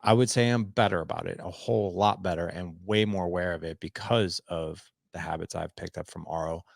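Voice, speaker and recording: Gravelly low-voiced man telling a story. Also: brisk, no room sound, clean studio sound. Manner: animated, acts out quotes, many restarts. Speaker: podcast guest. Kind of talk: casual storytelling.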